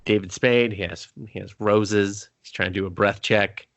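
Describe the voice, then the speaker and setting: A man's voice: lowish voice, steady tone, moderate pace, creaky, a bit bright, dry recording. A man co-hosting a casual movie review podcast, recapping scenes in a rambling, profane way full of fillers. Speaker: podcast co-host.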